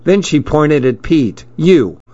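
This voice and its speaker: A man reads a story aloud at an unhurried pace, calm and steady, with a mid-range voice. The sound is dry and close, and the recording is dull and lo-fi. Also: mid-range voice, no echo. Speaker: narrator. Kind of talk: storybook narration.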